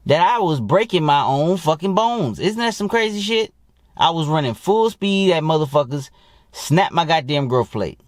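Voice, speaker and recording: A man's voice: a little high, dry recording, clean studio sound. A man working as a dating coach, talking in a blunt, heavily profane, rambling monologue to his viewers. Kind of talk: casual profane monologue to camera.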